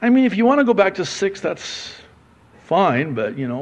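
A man, a pastor, preaching a conversational sermon that swings from soft, low asides to loud, emphatic questions. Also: sing-song, normal speed.

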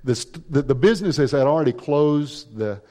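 A man's voice: medium pitch, lively intonation, moderate pace, mellow, big-room sound. A man preaching a missionary sermon, mixing statistics with stories and building emphasis on key points. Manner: storytelling with statistics, rising emphasis.

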